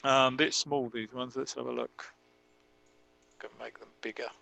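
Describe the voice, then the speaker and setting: A man teaching an online English grammar lesson, reading example sentences deliberately and correcting himself aloud as he goes. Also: mid-range voice, fairly even intonation, vocal fry, sharp tone, rough recording.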